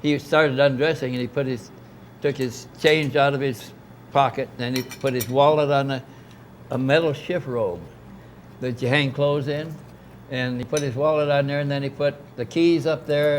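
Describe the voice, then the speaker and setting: A man's voice: medium pitch, a little hiss or hum. Older man telling a rambling story. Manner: rambling, anecdotal, frequent restarts. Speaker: interview guest. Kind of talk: casual storytelling. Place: club dining room.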